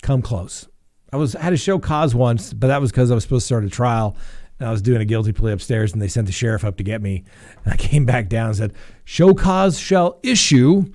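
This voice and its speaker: Speaking fast in a lowish, mellow voice, a middle-aged defense attorney hosts a live show. His casual live-stream storytelling centers on courtroom anecdotes, with him voicing the different characters himself.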